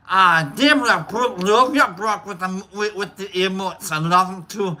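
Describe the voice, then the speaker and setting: A woman's voice: medium pitch, moderate pace, hardly any pauses, pushed and bright. A woman hosting a casual livestream, rambling, swearing and joking as she greets chat members by name. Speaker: livestream host.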